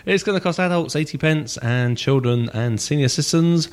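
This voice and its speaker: A man's voice: fairly high pitch, moderate pace. A man co-hosting a local radio breakfast show in a radio studio, chatty and teasing with casual banter.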